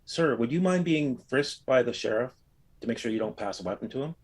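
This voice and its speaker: A man's voice: medium pitch, animated, a little fast, lightly acted. A man quoting a stern older judge. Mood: firm.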